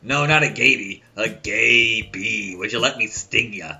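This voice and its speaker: A man doing a slow, gravelly-voiced impression of a famous actor, pleading in a rough, throaty tone. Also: on the low side, bright, forceful tone, full character voice.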